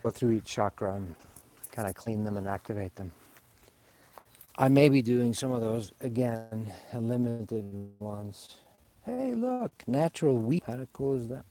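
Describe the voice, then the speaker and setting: Mellow-voiced rambling Swedish-raised man. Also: mid-range voice, animated, unhurried. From Sweden. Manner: meandering, digressive, confessional. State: slightly tipsy. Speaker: spiritual vlogger. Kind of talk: rambling casual monologue. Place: outdoors in a garden under a fruit tree.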